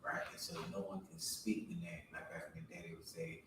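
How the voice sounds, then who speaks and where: A man in the class explains a point from across the room. His voice is low but moves a lot in pitch. He sounds distant, with heavy echo and clear room noise around him. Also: big pitch swings, a little fast. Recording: far from mic in an echoey, noisy room.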